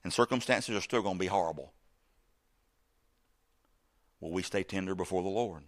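A middle-aged man preaching a sermon, animated, shifting from loud bursts to quiet asides and acting out the voices in his story. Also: deep voice, moderate pace. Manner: acts out quoted speech in the story.

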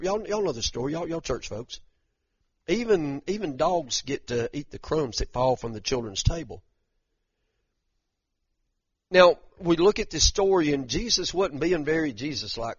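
A pastor with a mid-range, slightly breathy voice preaches conversationally, addressing the congregation directly while often restarting and repeating words. The recording is dry and dull.

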